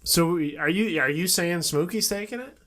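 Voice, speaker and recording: A man co-hosting a podcast, chatting casually with amused, quick asides. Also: high-pitched, sharp tone. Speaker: podcast co-host. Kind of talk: casual chat.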